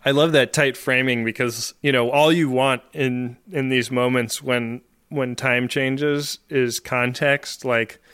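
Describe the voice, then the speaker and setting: A man with a bright, smooth, clear voice retells scenes wryly as a podcast co-host. His tone stays casual and jokey, and the close mic is very dry. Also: mid-range voice, fairly even intonation, takes it slowly, hardly any pauses, no echo. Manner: wry and jokey, narrating scenes.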